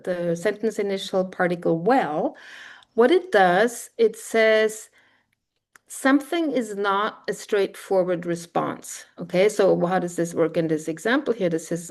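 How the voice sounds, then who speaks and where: Lecturing woman with a low-pitched voice. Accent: German-speaking European. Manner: explanatory, many fillers and self-corrections; acts out short quoted exchanges. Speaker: linguistics lecturer. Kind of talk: academic lecture.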